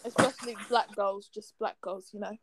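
A woman's voice: medium pitch, fairly even intonation, moderate pace, background noise. A young woman, co-hosting a casual chat podcast with teasing, provocative jokes. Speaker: podcast co-host.

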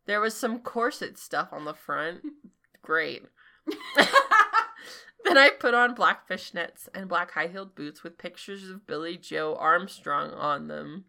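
A woman's voice: on the low side, expressive, slow pace, vocal fry, sharp tone. A woman co-hosting a podcast, reading a fanfic aloud and breaking off with giggly, incredulous asides. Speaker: podcast co-host.

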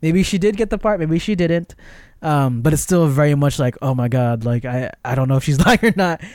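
A podcast co-host with a fairly high-pitched voice talks a little fast, casually walking through a film scene by scene in a rambling, animated way packed with fillers. The recording is dry and of studio quality, fitting this relaxed movie review chat.

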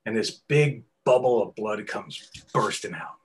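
A man's voice: fairly low pitch, normal speed, few pauses. Profane New man telling stories. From New York. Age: middle-aged. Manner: animated, profane storyteller who acts out quotes loudly. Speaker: tattoo artist guest. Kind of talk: casual storytelling interview.

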